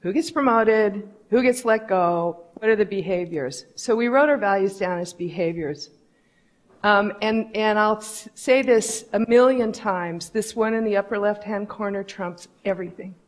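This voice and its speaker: A woman's voice: medium pitch, normal speed. A middle-aged woman giving a candid storytelling talk to an audience, acting out the voices she quotes. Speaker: conference speaker.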